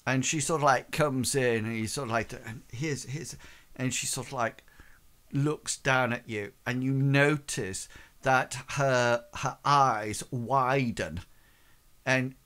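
A man's voice: medium pitch, slow pace, a bit bright, clear, resonant tone. A man narrating a tabletop game as game master, hesitant and full of fillers.

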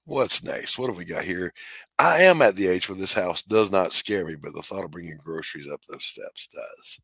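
Middle-aged male host, deep and punchy, joking banter, dead-dry home studio sound. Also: lively intonation, normal speed, gravelly, pushed and bright, husky, no echo. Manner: wisecracking, laughs and coughs through jokes. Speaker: podcast host. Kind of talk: casual comedic chat.

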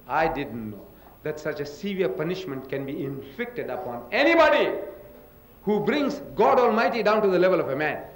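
In a lecture hall with roomy echo, a man of Indian origin raised in South Africa delivers an emphatic talk in a public religious debate, spelling out words letter by letter. His voice is fairly high, and there's a little hiss or hum on the recording.

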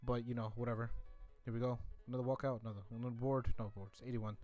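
A young man chats through pack openings in a loose, rambling way, circling back to the same point and getting jokingly defensive. His voice sits at an ordinary pitch. The sound is close and dry, with no room around it. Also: level tone, quick pace, hardly any pauses, a little mellow, dry recording, soft background music. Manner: rambling, repeats himself, mock-defensive asides. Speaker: gaming YouTuber. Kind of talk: casual pack-opening commentary.

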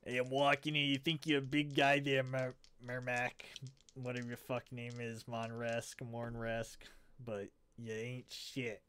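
A man's voice: medium pitch, level tone, a little slow, fairly bright tone, smooth, lightly acted. A man voicing a brash male rat who runs the city with a switchblade, talking tough and swaggering in a tabletop game. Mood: taunting. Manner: swaggering, tough-guy talk.

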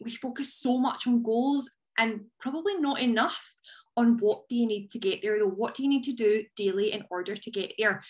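A woman talks her team through a motivational training session over a video call. Her voice sits on the higher side. She is lively and conversational, with bursts of playful excitement. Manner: energetic, chatty, jumps into high playful voices.

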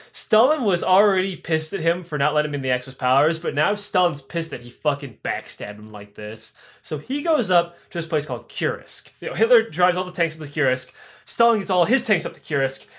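Profane male podcast host, slightly high voice, rambling comic history. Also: a bit bright. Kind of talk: irreverent comedic history retelling.

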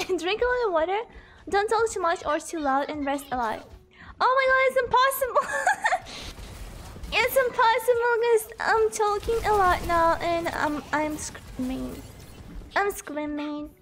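Woman game streamer, hoarse with a cough; playful, giggly, unhurried, very high lively voice. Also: a little hiss or hum. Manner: giggly, playful, reads chat aloud between game reactions. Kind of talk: live gameplay stream, chatting with viewers.

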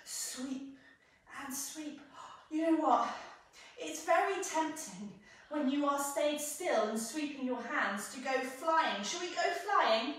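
A woman's voice: high-pitched, recorded from a distance. A young woman with a British accent guiding children through a pilates class, in a sing-song, playful, encouraging way. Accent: British English. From England. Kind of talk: guided kids' movement class. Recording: echoey room, off-mic.

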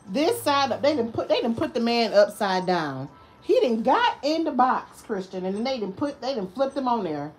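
A woman's voice: a little high, normal speed, slightly rough, faint music behind. A young woman from Michigan vlogging in a casual, sassy way, calling her viewers girl and baby. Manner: animated sing-song story-time voice for a child. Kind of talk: casual vlog chat.

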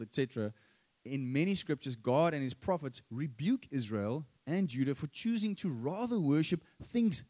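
A man's voice: mid-range voice, darkish tone. A male pastor with a South African accent preaching a sermon, emphatic and rising on key phrases.

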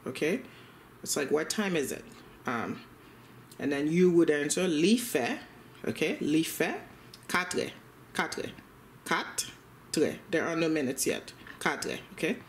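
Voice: mid-range voice, slight background noise. Patient teacher who keeps checking in. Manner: patient, repeats each phrase and checks in with "okay?". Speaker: language teacher. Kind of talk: spoken language lesson.

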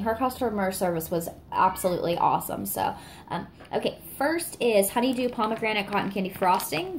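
Lady gushing over wax melts, lots of ums and oh my goodness, bit of faint hiss behind. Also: mid-range voice. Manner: gushing, excitable, lots of fillers and laughs. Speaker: wax melt reviewer. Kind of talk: casual product review vlog.

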